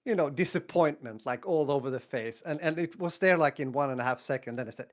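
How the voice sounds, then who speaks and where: A man in his fifties from northern Sweden with a Swedish accent, telling stories in a casual podcast chat, acting out quotes and laughing often. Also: fast. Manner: animated, acts out quotes with big pitch jumps, laughs often. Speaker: podcast co-host.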